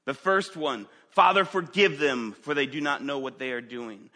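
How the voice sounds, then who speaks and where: A man preaching a sermon who asks the congregation direct questions and moves between loud emphatic stretches and quiet ones. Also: medium pitch, normal speed. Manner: dynamic preaching, rising loud then dropping to quiet. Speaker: pastor.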